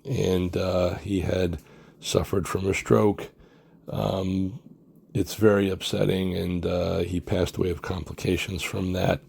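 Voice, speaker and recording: A man hosting his own channel, talking in a halting, grieving way with many fillers. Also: low-pitched, flat delivery, gravelly, darkish tone, slightly rough. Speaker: comic artist and director, channel host. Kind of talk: personal tribute vlog.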